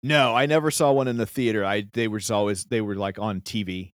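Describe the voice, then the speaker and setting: A man's voice: on the low side, steady tone, fairly quick, no echo, clean studio sound. A man in his fifties co-hosting a casual film podcast, analytical and thoughtful, with many filler "likes".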